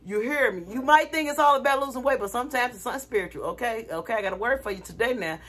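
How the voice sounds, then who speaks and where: Husky-voiced woman telling a story. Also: a little high, racing. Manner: animated, dramatic retelling with laughter. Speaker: vlogger. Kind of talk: casual storytelling vlog.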